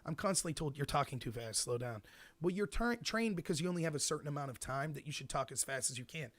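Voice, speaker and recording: A man hosting his own show, delivering an animated commentary monologue full of mock quotes. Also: on the high side, fast, no room sound. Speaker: host.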